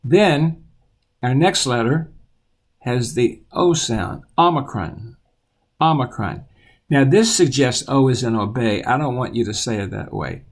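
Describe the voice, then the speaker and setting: A man teaching children the alphabet, patiently repeating each letter aloud in a steady voice. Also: medium pitch, slow, creaky.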